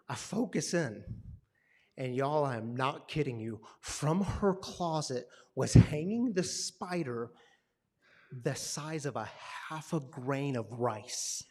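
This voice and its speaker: A man preaching a sermon as a pastor, telling stories with lively swings between hushed, quiet passages and loud, emphatic ones. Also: mid-range voice, takes it slowly.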